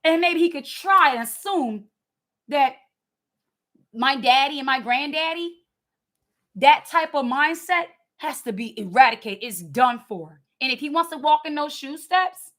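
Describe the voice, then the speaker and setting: High bright-voiced woman giving fiery commentary. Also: expressive, unhurried. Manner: emphatic, preachy, repeats words. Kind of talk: impassioned commentary.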